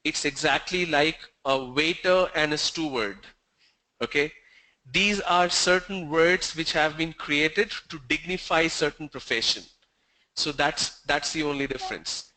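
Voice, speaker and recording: Brief: man, pronunciation trainer, slightly high voice, sharp explanatory delivery. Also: low-quality recording. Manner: explanatory, slow stressed examples. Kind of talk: online training session.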